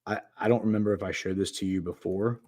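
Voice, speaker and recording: Low-voiced man telling a rambling story. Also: fairly even intonation, quick pace, a little mellow. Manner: rambling, filler-heavy, acts out quotes. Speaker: podcast host. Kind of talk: casual conversational storytelling.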